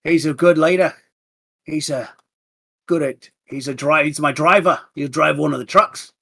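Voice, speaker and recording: A man voicing a friendly older gentleman who proudly introduces his crew. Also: fairly high pitch, moderate pace, gravelly, husky, exaggerated voice. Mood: hearty.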